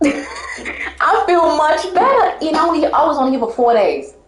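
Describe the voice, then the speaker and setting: A woman's voice: sits high, big pitch swings, measured pace, echoey room. A woman telling her life story in casual talk, rambling and emphatic, often breaking into laughter.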